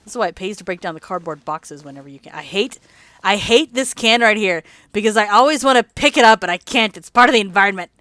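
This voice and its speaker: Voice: medium pitch, lively intonation, quick pace, sharp tone, no echo. A let's play host rambling in casual gameplay commentary, chatty and laughing often, sleepy and yawning late at night.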